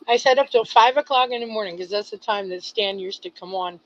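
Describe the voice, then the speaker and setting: A woman's voice: on the high side, fairly quick, few pauses. Middle-aged lady poet on a lo-fi radio line, reads her poem then chats, laughs at herself, faint hiss. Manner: expressive storyteller, laughs at herself. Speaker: poet and co-host. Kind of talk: poetry reading and casual chat. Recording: slightly dull lo-fi online radio audio.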